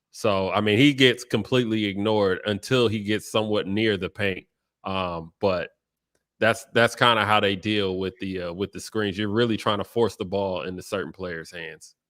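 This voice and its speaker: A man's voice: lowish voice, a bit bright, no room sound, studio quality. A man on a sports podcast explaining basketball plays from game film, with many "uh"s. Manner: explanatory, filler-heavy with "uh". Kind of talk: casual sports talk, breaking down game film.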